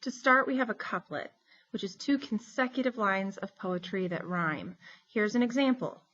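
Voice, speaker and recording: Woman teacher going through vocab for class, steady clear explaining, kinda muffled lo-fi mic. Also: medium pitch, moderate pace. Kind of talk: recorded classroom lesson.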